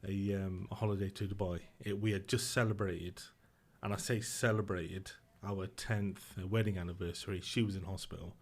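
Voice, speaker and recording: A middle-aged man, a podcast guest telling a personal story in a subdued, halting, emotional way with restarts. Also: deep voice, steady tone.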